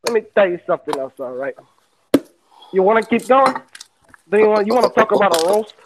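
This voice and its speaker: A man's voice: high voice, lively intonation, fast talker, over a noisy crowd, rough recording. A man delivering a roast, firing off aggressive, profane insults in a run. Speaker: roast battle contestant.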